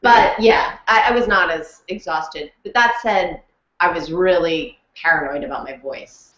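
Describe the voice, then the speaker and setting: A woman talking casually in an interview, chatty and animated, laughing often and full of fillers. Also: on the low side, measured pace. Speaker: interview guest, audiobook narrator and actress. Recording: roomy, dull lo-fi sound.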